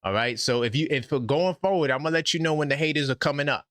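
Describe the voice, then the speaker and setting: A man hosting a live call-in sports show, talking fast and exasperated in slangy casual speech. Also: a little high, a bit bright, dry recording.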